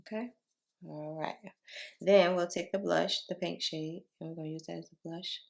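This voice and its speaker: A woman talks her viewers through a makeup routine at home, low and unhurried in her morning voice. Her tone sits a little on the low side, chatty and familiar, calling everyone y'all. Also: fairly even intonation, gravelly, a little mellow. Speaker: beauty vlogger. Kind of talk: casual makeup tutorial chat.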